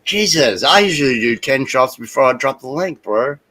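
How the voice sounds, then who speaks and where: A middle-aged Australian man hosting a casual livestream, loud and brash and swearing freely. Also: mid-range voice, animated, moderate pace, poor audio. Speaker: stream host.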